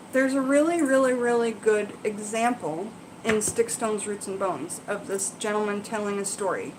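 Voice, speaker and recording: A woman with a voice of ordinary, middle pitch hosts a casual live Q&A. She reads passages aloud, then wanders into chatty, rambling explanations full of ums and quick asides to viewers. A faint hum of noise sits under her voice. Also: low-quality recording. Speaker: herbalism channel host.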